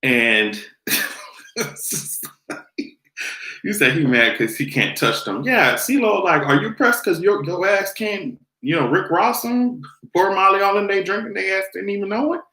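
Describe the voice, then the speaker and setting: High lively guy ranting and cracking up, bright voice, echoey room. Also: unhurried. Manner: animated, laughing, profane, sassy. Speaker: host. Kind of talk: casual commentary vlog.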